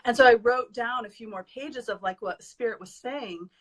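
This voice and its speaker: This heartfelt interview features a woman guest, a spiritual advising student, recounting a personal spiritual experience with emotion and sincerity. She reads from her notes at points, her fairly high, fairly bright voice moving at a moderate pace.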